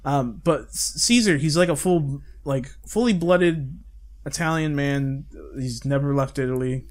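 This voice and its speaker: A man's voice: mid-range voice, measured pace, a little mellow. A young man chatting casually with friends on a podcast, rambling and swearing freely. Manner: rambling, swears freely, full of fillers and restarts. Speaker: podcast host. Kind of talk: casual chat among friends.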